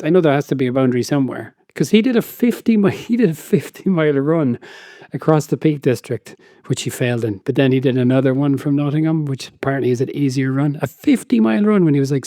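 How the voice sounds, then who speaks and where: Mellow-voiced curious male co-host. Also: on the high side, expressive, quick pace, no echo, clean studio sound. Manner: curious, laughs often, retells stories. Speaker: podcast co-host. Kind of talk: casual chat.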